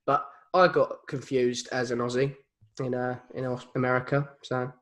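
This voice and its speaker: A man's voice: mid-range voice, flat delivery, moderate pace. A man from Kent with a Kentish accent, a podcast co-host musing aloud in casual chat, rambling with many restarts. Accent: Kentish English. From Kent, England.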